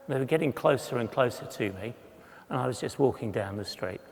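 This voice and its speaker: At a conference, an Englishman in his sixties gives a humorous, self-deprecating storytelling talk with slides, doing voices in his anecdotes. His mid-range voice is a little mellow and brisk, heard in a large hall.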